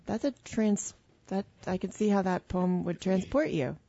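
A woman's voice: medium pitch, moderate pace, mellow, no room sound. A woman hosting a casual conversation, thinking aloud hesitantly with frequent restarts. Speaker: host. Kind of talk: casual interview chat. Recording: dry, dull lo-fi recording.

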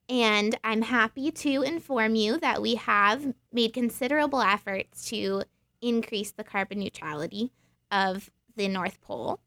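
A woman's voice: mid-range voice, creaky, pushed and bright, no room sound. A woman as an earnest North Pole climate advisor. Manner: earnest, official-sounding. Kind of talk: comic radio sketch.

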